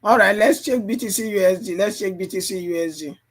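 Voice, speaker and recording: A man's voice: sits high, brisk. A man coaching a live trading stream, his voice strained and tired, repeating phrases and constantly checking "you understand?". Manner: repetitive, keeps asking "you understand?". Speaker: trading livestream host. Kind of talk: live chart analysis and coaching.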